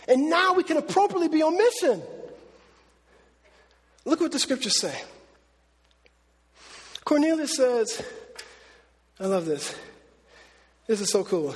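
High-voiced preacher in an echoing hall. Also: male voice. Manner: conversational, animated preaching with slang. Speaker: pastor. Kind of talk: sermon. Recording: long echo of a large hall.

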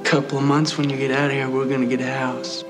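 An actor playing a grown son who speaks softly and plainly to his father in a film. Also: medium pitch, level tone, fast, close to an everyday voice. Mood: tender. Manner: soft, plain, reassuring. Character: grown son, quiet and reassuring. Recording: film audio with clear music underneath.

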